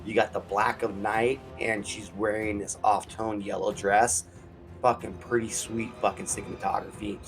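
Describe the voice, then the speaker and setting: A man hosting a casual movie review from his basement studio, talking in a loose, excitable, profane way. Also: fairly low pitch, moderate pace, soft background music.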